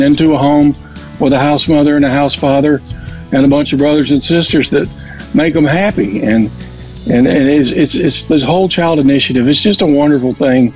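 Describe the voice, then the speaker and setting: A man's voice: a little high, a little mellow. A man making a casual on-air appeal for donations, rambling and often repeating his words. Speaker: radio guest appealing for donations. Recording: dull lo-fi audio with faint music.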